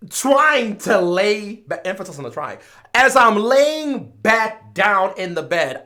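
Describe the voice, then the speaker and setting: A man from Chicago tells a casual story to his stream. His bright voice leaps around a lot in pitch. He drops into mumbled asides, then bursts out loud. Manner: animated, swings between mumbling asides and loud exclaims.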